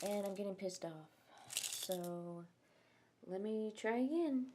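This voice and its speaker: A woman's voice: mid-range voice, takes it slowly, background noise. A woman vlogging in a casual chat, rambling and self-mocking as she tinkers and jokes.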